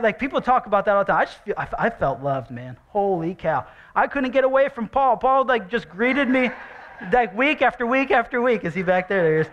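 A male pastor preaching a sermon in a church, animated and jokey, repeating rhetorical questions to the congregation. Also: high-pitched, highs cut off. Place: church sanctuary.

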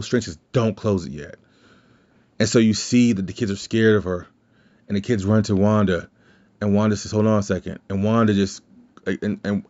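This podcast host's voice is lowish and a little mellow as he goes over a movie in a loose, meandering way, quoting lines along the way. The audio comes across as dull and lo-fi.

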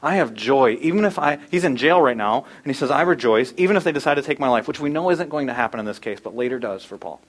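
A man preaching a sermon, animated, acting out quoted voices in loud, high bursts. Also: quick pace, few pauses. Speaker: pastor.

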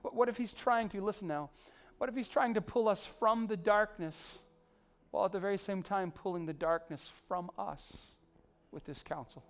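A male pastor preaching a sermon, pleading with the congregation, surging to emphatic peaks and then dropping soft. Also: high voice, moderate pace.

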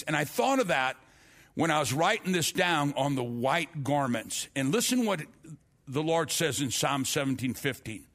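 Man preacher, somewhat high voice, earnest testimony delivery that trips over and repeats words. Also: very animated, normal speed, a bit bright. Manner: earnest storytelling, frequent restarts and repeated words. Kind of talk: sermon with personal testimony.

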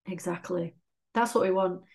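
A young woman, co-hosting a casual chat, animated, swearing and laughing often. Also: on the low side, normal speed. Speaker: podcast co-host.

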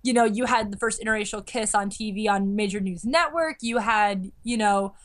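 A young woman chatting casually, an animated storyteller full of fillers who acts out quotes. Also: medium pitch, normal speed. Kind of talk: casual chat.

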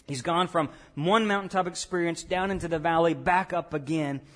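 A pastor preaching a sermon in a conversational way, tossing questions and asides to the congregation. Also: male voice, fairly high pitch, normal speed, fairly bright tone.

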